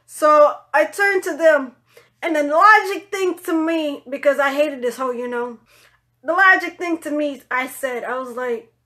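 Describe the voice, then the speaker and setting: A woman with a high voice tells a personal story straight to the camera. She talks in a loose, casual way, swears freely, and puts on other people's voices when she quotes them. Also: moderate pace. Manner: animated, swearing, acts out quoted voices in higher pitch. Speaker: vlogger telling a personal story.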